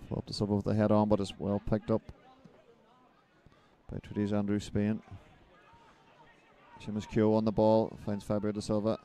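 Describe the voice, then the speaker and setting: Low, mellow football commentator. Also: male voice, completely flat delivery. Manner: brisk, rises with the action. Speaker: play-by-play commentator.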